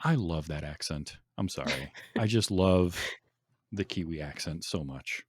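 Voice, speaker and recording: A man's voice: a bass voice, expressive, a little slow, slightly rough, dry recording, clean studio sound. A man hosting a podcast in casual chat, enthusiastic, laughing often and restarting his sentences. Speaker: podcast host.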